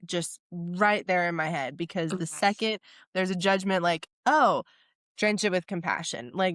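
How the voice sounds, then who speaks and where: A woman's voice: on the low side, fairly bright tone, smooth, dry recording, studio quality. A woman hosting a podcast, chatting casually and reflectively with her guest and laughing easily. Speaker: podcast host.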